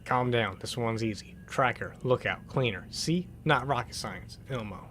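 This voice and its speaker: A man's voice: medium pitch, moderate pace, fairly bright tone, slight background noise. A man casually commenting while playing a game, swearing often and reading notes aloud in put-on voices. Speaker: gameplay streamer. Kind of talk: casual let's-play commentary.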